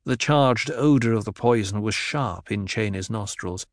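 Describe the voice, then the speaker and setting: A man narrating a novel in a measured, even storytelling voice. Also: lowish voice, a little hiss or hum. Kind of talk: audiobook narration.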